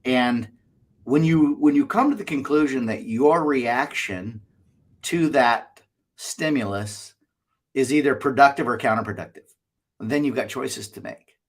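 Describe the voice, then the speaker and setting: A man co-hosting a casual podcast chat, animated and fond of acting out little quoted exchanges. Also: mid-range voice, measured pace. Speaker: co-host.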